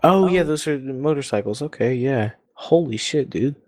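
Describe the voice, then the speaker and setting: A man hosting a casual gaming podcast, reacting in an excitable way and swearing often. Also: mid-range voice. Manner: excitable, profane, quick reactions. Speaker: podcast host.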